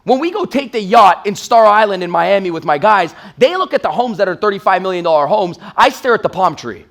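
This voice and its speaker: High-voiced man giving a fired-up sales talk. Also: a little fast, vocal fry. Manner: energetic, blunt storytelling with profanity. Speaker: sales trainer. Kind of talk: motivational stage talk.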